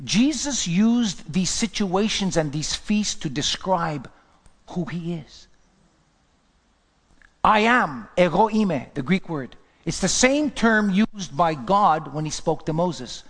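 A man's voice: high-pitched, animated, slow, a bit bright. A man preaching a sermon as pastor, fervent and emphatic. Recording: long hall reverb.

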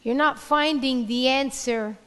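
Slow-preaching high-voiced woman pastor. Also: fairly bright tone, smooth, big-room sound. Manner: slow, emphatic preaching with repeated rhetorical questions. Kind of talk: sermon.

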